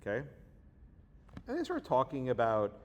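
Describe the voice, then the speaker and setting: Animated, sarcastic man lecturing. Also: medium pitch, moderate pace, lo-fi sound. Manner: animated, sarcastic, acts out quoted voices. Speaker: guest lecturer. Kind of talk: storytelling lecture. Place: lecture hall.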